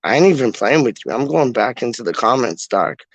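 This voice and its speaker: A man's voice: medium pitch, very animated, fairly quick, no room sound, muffled recording. A man hosting a fan-channel livestream, chatting casually to viewers in a slangy, repetitive, playful way. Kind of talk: casual rambling chat to viewers.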